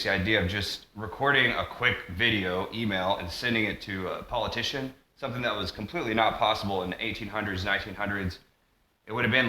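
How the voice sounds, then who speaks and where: A man talking through a loose monologue vlog, drifting from tangent to tangent and restarting his sentences. His voice is lowish with a bright, forceful edge. It bounces around an echoey room. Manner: tangent-heavy, full of fillers and restarts. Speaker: vlogger.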